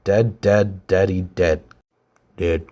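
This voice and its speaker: A man voicing a creepy, blunt young boy in his own low voice while reading a comic. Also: fairly even intonation, slow, a little mellow.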